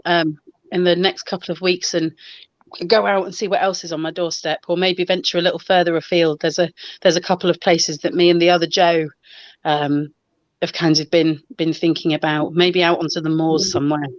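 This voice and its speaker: A woman with a lowish voice tells a local tale in a loose, chatty way, looping back and restarting as she goes. She speaks over a video call, and the sound is dull and lo-fi. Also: little pitch movement, a little fast, dry recording. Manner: chatty, rambling with restarts and fillers. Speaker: paranormal investigator and show co-host. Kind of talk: casual storytelling on a live online show.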